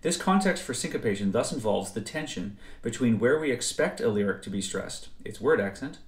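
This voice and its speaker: A man narrating a scripted music theory lecture in a measured, precise way. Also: medium pitch, expressive. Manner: measured, precise explanatory delivery. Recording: roomy echo.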